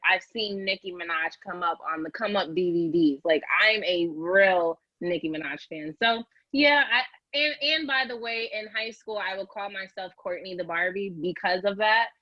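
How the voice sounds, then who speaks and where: A woman from Connecticut, a podcast host being interviewed, chatting in an animated, playful way with frequent laughs. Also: medium pitch, dull audio. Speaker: podcast host, guest here. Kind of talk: casual interview chat.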